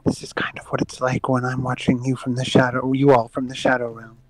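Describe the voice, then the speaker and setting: A man voicing Holly, a gentle, caring female spirit who speaks in soft, earnest pleas. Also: mid-range voice, flat delivery, brisk, natural voice, low-quality recording. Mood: hushed.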